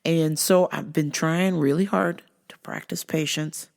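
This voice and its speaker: A woman hosting a podcast, talking casually to her listeners in a profane, animated rant. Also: low-pitched, unhurried, vocal fry. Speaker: podcast host. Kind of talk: casual solo monologue.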